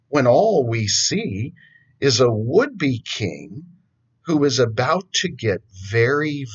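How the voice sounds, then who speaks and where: A man preaching a sermon in a slow, dramatic, emotional way. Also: mid-range voice, husky, dull audio. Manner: slow, dramatic, emotional delivery with rising emphasis.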